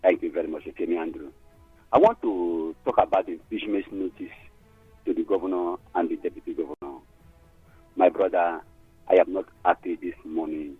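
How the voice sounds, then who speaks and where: Pleading Nigerian caller on a muffled line. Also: male voice, deep voice, slightly rough, dry recording. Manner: pleading, repetitive and emotional.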